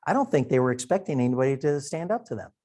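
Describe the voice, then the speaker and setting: Very animated and quick, with a darkish mid-range voice, a middle-aged Wisconsin man teaches his Sunday Bible class. His delivery is folksy and conversational, full of thinking aloud.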